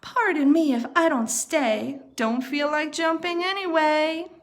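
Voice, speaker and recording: A woman voicing a cheeky young girl in a storybook, shrill and breezy. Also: measured pace.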